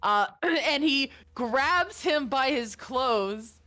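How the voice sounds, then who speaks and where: A woman's voice: sits high, lively intonation, drawn-out words, bright, forceful tone. A woman narrating as game master, casual and swearing a lot. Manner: casual, swearing, voices the figures. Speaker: dungeon master.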